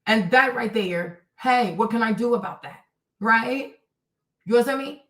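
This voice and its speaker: A woman's voice: fairly high pitch, unhurried, fairly bright tone, roomy sound, distant mic, poor audio. A woman livestreaming commentary, reading and answering her chat in a blunt, scolding way, repeating her points.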